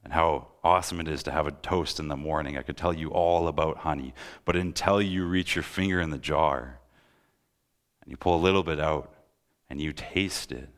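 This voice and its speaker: A young man delivers a sermon with a very low voice. He speaks earnestly and presses his listeners with pleading, impassioned questions. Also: fairly even intonation, normal speed. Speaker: preacher.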